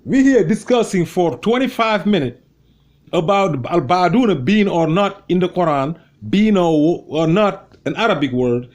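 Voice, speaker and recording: High-voiced man, scornful commentary. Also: animated, moderate pace. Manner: scornful, mocking, repetitive. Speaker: debate show host replaying a clip. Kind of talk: heated commentary.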